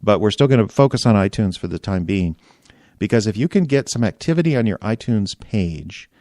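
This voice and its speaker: A male podcast host talks casually with a relaxed, self-deprecating manner. His voice sits a little low, and the recording is close and dry. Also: normal speed, no echo.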